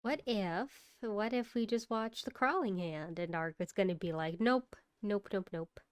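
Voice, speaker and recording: A woman's voice: mid-range voice, normal speed, clean tone, dry recording, studio quality. A woman streamer chatting casually with her live chat during a horror game, sleepy and laughing often.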